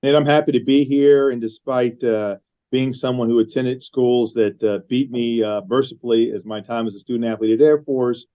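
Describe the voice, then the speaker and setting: A middle-aged man talks as an interview guest in a mellow, warm voice at a medium pitch. He is earnest and often repeats a word while he finds his thought. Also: fairly even intonation, moderate pace, poor audio. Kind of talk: podcast interview conversation. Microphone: remote call.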